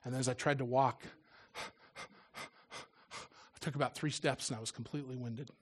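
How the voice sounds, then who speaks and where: A middle-aged man preaching and telling a personal story in earnest, often dropping to a hush at solemn moments. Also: mid-range voice, steady tone, measured pace, husky. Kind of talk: sermon with personal testimony.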